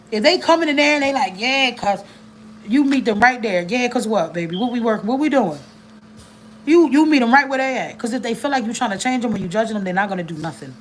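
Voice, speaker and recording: A woman giving blunt, animated advice to caseworkers, telling stories and cussing freely in a casual livestream. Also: high-pitched, a little hiss or hum, poor audio. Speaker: family advocate speaking to caseworkers.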